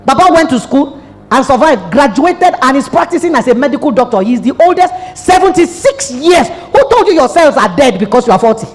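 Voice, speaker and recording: A woman's voice: high voice, a little fast. A middle-aged Nigerian woman pastor preaching a sermon, telling a story and acting out the dialogue. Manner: animated storytelling with acted-out dialogue. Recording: long hall reverb.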